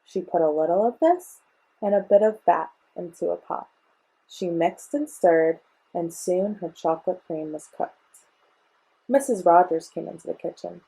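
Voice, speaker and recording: Husky young woman reading a children's book. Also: fairly low pitch, normal speed, dark tone.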